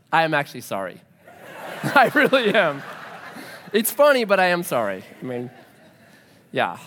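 A man preaching a sermon as a pastor, animated and joking, acting out quoted voices. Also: high-pitched. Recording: long hall reverb.

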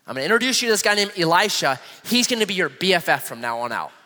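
Animated preacher man, bright and lively. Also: sits high. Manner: animated preaching, reading scripture aloud slowly. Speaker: pastor. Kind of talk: sermon. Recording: long hall reverb.

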